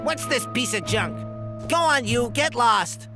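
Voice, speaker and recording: A boastful cartoon bully who mocks everyone around him. The voice is high, slow and lively, and sneers all the way through. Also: female voice, loud music behind the voice. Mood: scornful. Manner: sneering, mocking laughs. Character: arrogant bully racer, scornful and boastful. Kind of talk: cartoon dub.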